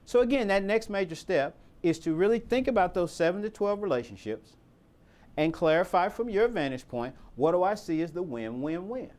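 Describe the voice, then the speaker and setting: A man leads a training session for volunteers. His fairly high voice swings widely in pitch as he stresses each point. He poses rhetorical questions and repeats himself for emphasis. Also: lively intonation, normal speed, darkish tone.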